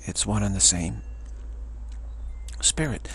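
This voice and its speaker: Male spiritual teacher, low and gravelly, very husky, voice fading, halting monologue. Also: lively intonation, fairly bright tone, slight background noise. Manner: halting, searching delivery with frequent restarts. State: voice fading to a whisper.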